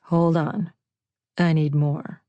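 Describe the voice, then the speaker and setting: A woman's voice: low voice, flat delivery, slow pace, dark tone, dry recording, lo-fi sound. Woman voicing a playful, theatrical young man. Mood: teasing. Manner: teasing, dramatic.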